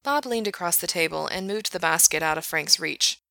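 A woman narrating a fiction audiobook in a steady, matter-of-fact reading. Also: fairly low pitch, moderate pace, gravelly, no echo. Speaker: reader.

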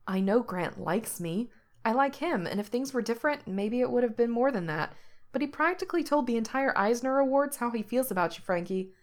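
A woman voicing a gentle young man who picks his words carefully and speaks in a soothing, measured way, in a read-aloud story. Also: a little high, lively intonation, pitched above the performer's own voice, close to an everyday voice. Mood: earnest.

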